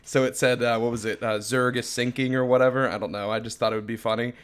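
A man's voice: medium pitch, steady tone, racing, clear, resonant tone. A young man co-hosting a comedy podcast, rambling through stories and laughing as he talks. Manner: rambling, laughs often mid-sentence. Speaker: podcast co-host. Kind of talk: casual comedic chat.

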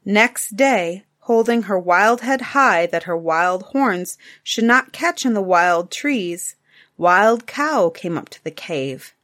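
A woman narrating a classic fable aloud in a measured, rhythmic storytelling manner. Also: fairly low pitch, fairly bright tone.

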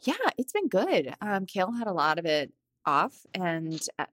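Giggly woman cohosting a podcast, rambly chatty, kinda low voice, super dry close sound. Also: very animated, moderate pace, fairly bright tone, no echo. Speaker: podcast co-host. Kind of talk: casual chat.

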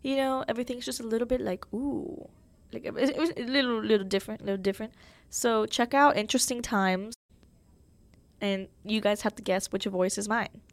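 A woman's voice: a little high, brisk, dry recording. A young woman hosting her own podcast in a casual, chatty way, full of fillers and self-mocking humor. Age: young adult. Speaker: podcast host. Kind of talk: casual solo podcast chat.

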